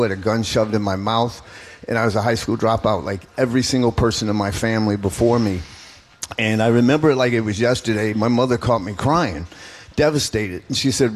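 A middle-aged man speaking as a political candidate in an interview, telling his story emphatically and earnestly. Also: on the low side.

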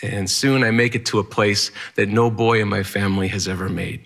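A man's voice: lowish voice, fairly even intonation, brisk, creaky, fairly bright tone. A man performing a first-person story, narrating vividly in the present tense with rhythmic, punchy phrasing.

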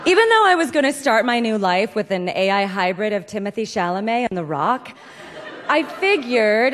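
A woman reading a comic story aloud with deadpan, dry timing. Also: fairly high pitch, normal speed, slight background noise. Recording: long hall reverb.

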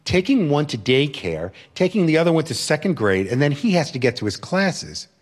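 A man's voice: fairly high pitch, very animated, fairly quick. A man voicing a firm, earnest working mother. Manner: firm, determined.

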